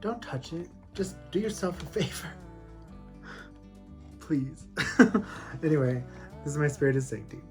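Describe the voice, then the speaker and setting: A man talking casually at home as a plant-collector vlogger, rambling and animated, with frequent laughs. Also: fairly high pitch, normal speed, soft background music. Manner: rambling and animated, laughs often, lots of fillers. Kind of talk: casual chatty storytelling. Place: at home with houseplants.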